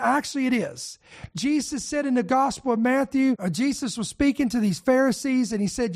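A man's voice: very high voice, expressive, moderate pace. A man preaching a sermon in an emphatic, repetitive style, often restarting his phrases.

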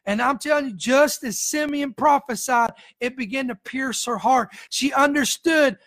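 A woman's voice: high voice, normal speed, a bit bright. A woman preacher delivering an emotional sermon, full of fervent, repeated exhortations to the congregation.

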